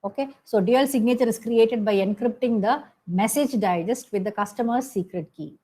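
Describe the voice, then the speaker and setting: Woman lecturing with halting fillers. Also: on the high side, mellow, low-quality recording. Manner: explains step by step, frequent "okay" and "hmm" fillers, self-corrections. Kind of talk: recorded classroom lecture.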